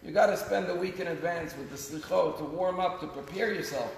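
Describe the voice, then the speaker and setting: Gravelly rabbi preaching in an echoey hall. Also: male voice, high voice, fairly quick. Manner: earnest storytelling preacher, rising and falling in volume. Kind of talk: sermon. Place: synagogue sanctuary. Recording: echoey sanctuary with long reverb, faint noise.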